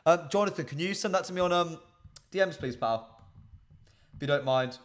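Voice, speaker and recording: A man's voice: a little high, moderate pace. A man hosting a casual football live stream, chatting straight to his viewers with frequent ums. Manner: chatty, addresses chat directly, frequent ums. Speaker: livestream host.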